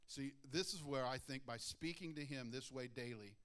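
A middle-aged man preaching a sermon, moving between hushed, earnest prayer and emphatic exhortation. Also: mid-range voice, normal speed.

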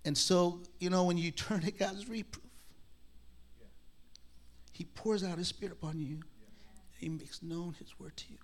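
A man's voice: high-pitched, steady tone, measured pace, pauses often. A man telling a personal testimony to a congregation in a conversational, self-deprecating way, acting out the dialogue he quotes. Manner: frequent restarts and laughs. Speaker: speaker sharing a personal testimony. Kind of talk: sermon-style personal storytelling.

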